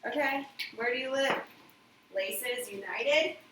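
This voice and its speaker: Streaming live from her home kitchen, this woman cooks while rambling in a chatty, casual way to her viewers, her voice on the high side and her pace unhurried. The phone recording her is set back at a distance, picking up roomy echo and noticeable background noise.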